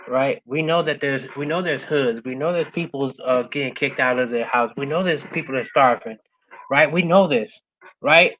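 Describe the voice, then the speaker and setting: A woman speaking as a guest, giving a passionate motivational talk. She keeps asking "right?" and swings from loud urging to a soft, quiet close. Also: slight background noise, low-quality recording. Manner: passionate, repeats "right?" after most points; swings between loud urging and soft, low-key closing.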